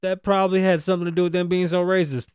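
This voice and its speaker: A man with a somewhat high voice hosts a podcast and talks through a news story in blunt, indignant commentary. He swears freely and acts out the quoted dialogue. The sound is dry and close. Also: little pitch movement, very fast, darkish tone, clean tone, no room sound. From Las Vegas. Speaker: podcast host.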